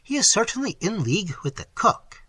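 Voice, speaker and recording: A man's voice: sits high, very animated, fairly quick, pushed and bright, slightly rough, dry recording, voice pushed up, full character voice. A man putting on a prim, genteel English wife. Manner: genteel, faintly disapproving. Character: prim, proper middle-aged English wife.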